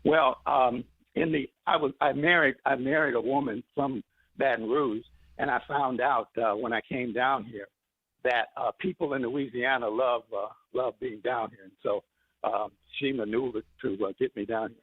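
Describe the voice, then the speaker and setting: A man's voice: mid-range voice, fairly even intonation, breathy edge, no room sound. Hesitant male caller on a phone line. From Milwaukee, Wisconsin. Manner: hesitant, halting, many fillers.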